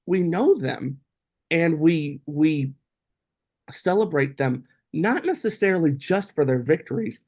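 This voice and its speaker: A man, a podcast guest, telling stories in animated casual chat and often saying "you know". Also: fairly high pitch, unhurried. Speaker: guest, co-author of a book about his father. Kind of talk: casual interview storytelling.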